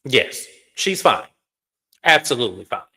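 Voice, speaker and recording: A man hosting a reality TV recap in casual commentary, blunt and animated, swearing freely and talking to viewers as y'all. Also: mid-range voice, a little slow.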